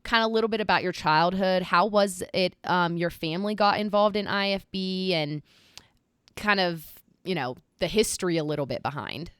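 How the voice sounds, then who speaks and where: Smooth-voiced young woman podcast host. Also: fairly low pitch, normal speed, no room sound, clean studio sound. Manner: warm, chatty, many fillers. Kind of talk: casual interview hosting.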